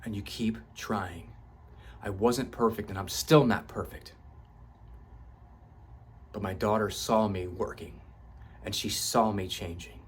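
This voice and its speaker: A man's voice: on the low side, steady tone, slow, long pauses, slight background noise. A man, 38 or older, speaks in a passionate motivational monologue about his own growth. He swears for emphasis, and his voice climbs as he grows fervent. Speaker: self-help vlogger.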